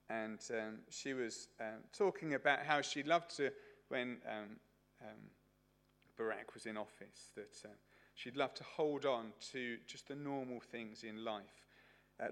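A man preaches at a church service, middle-pitched and conversational. He slips in plenty of ums and uhs as he tells his story. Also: fairly bright tone. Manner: chatty, anecdotal, with many fillers. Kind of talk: sermon.

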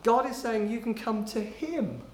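A male preacher with a high voice delivers a sermon with emphasis. He stretches out key phrases and sinks low and soft for quotes. The sound carries a roomy echo from a church hall. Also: animated. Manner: emphatic, slowing down on key phrases, dropping low and quiet when quoting.

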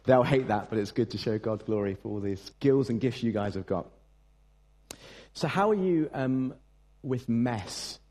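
Young man, pastor, mid-pitched voice, relaxed storytelling sermon with plenty of ums and jokes at his own expense. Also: a little slow. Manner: chatty, self-mocking storytelling with frequent fillers. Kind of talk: Christmas carol service sermon. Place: church service.

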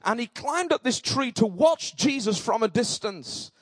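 A male pastor preaching a sermon in an emphatic style that rises to shouts. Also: very high-pitched, lively intonation, a little slow, dry recording.

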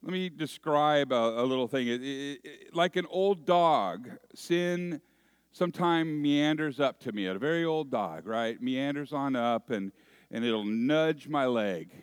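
Man preaching; slow and deliberate, mid pitch, dry close recording, storytelling with rhetorical questions. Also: clean tone, no room sound. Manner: expressive storytelling with acted asides and rhetorical questions. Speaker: pastor. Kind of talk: sermon.

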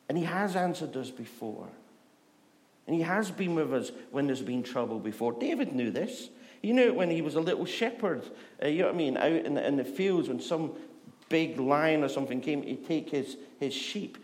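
A man preaching a conversational sermon, chatty and humorous, who often lowers his voice to a soft, hushed delivery.

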